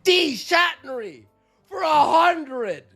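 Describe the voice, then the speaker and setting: A man's voice: very high voice, expressive, takes it slowly, sharp tone, faint music behind. A man co-hosting a live stream, reading out donation messages in a casual, joking way with laughs and fillers. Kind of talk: casual livestream chat.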